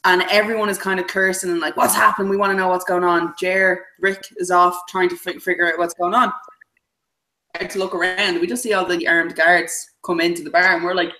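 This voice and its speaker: Podcast cohost ranting thru a story, lots of swearing, mid pitch. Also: fairly quick, poor audio. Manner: animated storyteller, swears freely. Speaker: podcast co-host. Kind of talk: casual chat.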